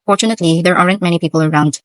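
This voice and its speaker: A woman narrating a light novel in first person, in a brisk, even reading. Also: fairly low pitch, dry recording, low-quality recording. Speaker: audiobook narrator.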